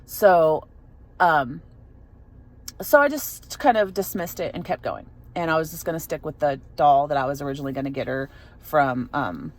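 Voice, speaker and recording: Rambling young woman vlogger, lowish voice. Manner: rambling, many fillers and restarts. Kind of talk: casual storytelling vlog.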